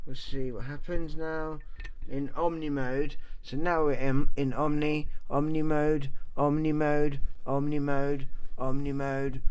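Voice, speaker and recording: Mellow-voiced man testing a mic. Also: mid-range voice, clean tone. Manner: chatty, repeats test phrases over and over. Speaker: microphone repairer and reviewer. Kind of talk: casual talk while working and testing.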